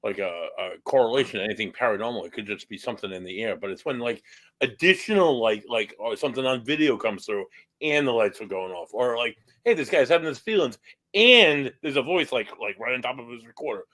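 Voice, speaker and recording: A man co-hosting a podcast who chimes in often with quick agreement and short asides. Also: mid-range voice, expressive, bright, forceful tone. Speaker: podcast co-host. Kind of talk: casual chat.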